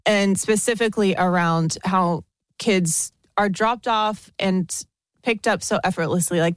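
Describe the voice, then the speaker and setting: A woman's voice: mid-range voice, dry recording. Chatty American woman, dry close sound. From United States. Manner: chatty, animated, lots of likes. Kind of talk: casual chat.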